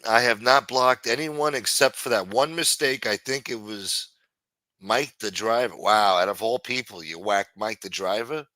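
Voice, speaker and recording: A male livestream host ranting in a profane, exasperated way. His voice is bright and forceful. It is recorded dry, with no room sound. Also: lowish voice, no room sound.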